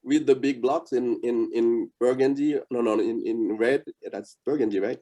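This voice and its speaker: A man's voice: medium pitch, mellow. A man, giving a patient, coaching language lesson over a video call. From Haiti. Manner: patient, coaching, repeats words slowly. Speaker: language instructor. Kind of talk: interactive online lesson.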